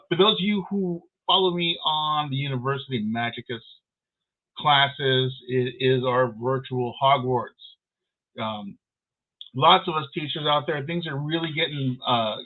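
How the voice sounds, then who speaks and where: A man's voice: fairly high pitch, unhurried. A man hosting an online show in a casual, rambling way, with many fillers, over a video call. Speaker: podcast host. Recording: tinny phone-like line.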